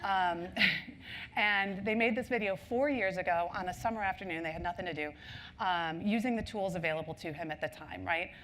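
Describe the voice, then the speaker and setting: Woman on stage doing a marketing talk, lower voice, lots of ums, storytelling vibe, a little noise behind. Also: moderate pace, a bit bright. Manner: chatty storyteller with many ums and asides. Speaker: conference speaker on marketing. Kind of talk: conference talk.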